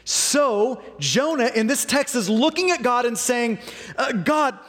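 A man preaches with lively, theatrical energy, slipping into the voices of the story's characters. His voice sits high for a man. It rings out with the long echo of a large sanctuary. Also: unhurried. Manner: animated, acts out quoted voices. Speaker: pastor. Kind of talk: sermon. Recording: long reverb of a large hall.

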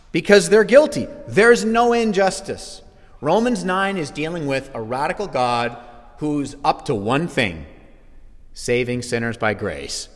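Animated male pastor in a reverberant church. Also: a little high. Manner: animated, swings from quiet asides to shouted exclamations. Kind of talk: sermon. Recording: long hall reverb.

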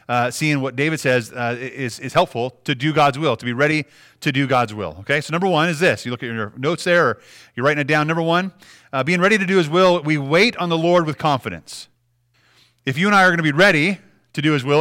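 Bright-voiced male preacher. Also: a little high. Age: adult with young children. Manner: earnest, conversational preaching. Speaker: pastor. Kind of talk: sermon with scripture reading.

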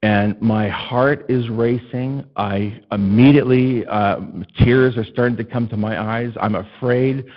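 A husky middle-aged man preaches a sermon with animated storytelling. His voice sits at an ordinary pitch. The recording sounds a little dull and muffled. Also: measured pace, hardly any pauses. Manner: animated storytelling, acts out a child's panicked screams. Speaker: pastor.

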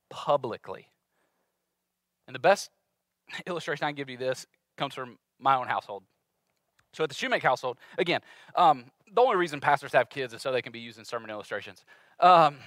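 A male pastor in his thirties preaching a sermon in a conversational, animated way, acting out little voices in his stories. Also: on the high side, dry recording.

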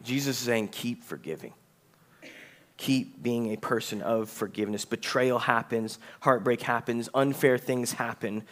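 A male pastor preaching a conversational sermon, reading scripture aloud, asking the congregation questions and slowing down for emphasis. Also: medium pitch, fairly bright tone.

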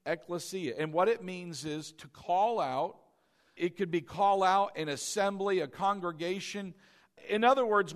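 A man preaching a sermon, often asking "all right?" and having the congregation repeat key words after him. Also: high-pitched. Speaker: pastor.

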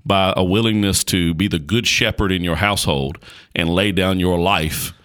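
Deep-voiced, bright-toned male podcast preacher. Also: moderate pace, smooth. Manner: emphatic, repetitive, colloquial. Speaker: podcast host. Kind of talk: preaching Bible talk on a podcast.

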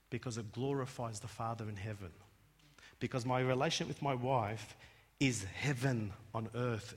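A man preaching a sermon in church, emphatic and swelling to loud peaks, often restarting his words. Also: medium pitch. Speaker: pastor. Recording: long hall reverb.

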